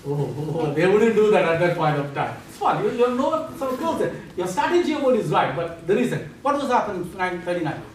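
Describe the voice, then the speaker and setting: A man lecturing a class, animated and quizzing students with playful asides. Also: sits high, quick pace, few pauses. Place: large echoey lecture room. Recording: echoey classroom from far off, faint hiss.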